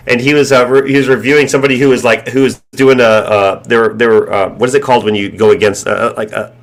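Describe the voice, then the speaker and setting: A man's voice: medium pitch, fairly even intonation, fast talker. A man hosting a casual live stream chat, laughing often and acting out phone callers in raised voices. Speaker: stream host.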